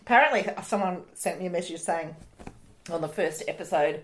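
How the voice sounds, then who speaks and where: A woman's voice: on the low side, brisk, a little hiss or hum. A woman co-hosting a casual podcast, teasing her friend with dry jokes and free swearing. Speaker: podcast co-host. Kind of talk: casual chat.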